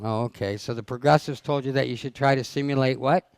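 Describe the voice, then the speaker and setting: A man's voice: mid-range voice, fairly even intonation, fast talker, a little mellow, no room sound. A man leading a dog training seminar, blunt and teasing as he fires questions at his audience. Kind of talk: live seminar talk to an audience. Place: seminar room.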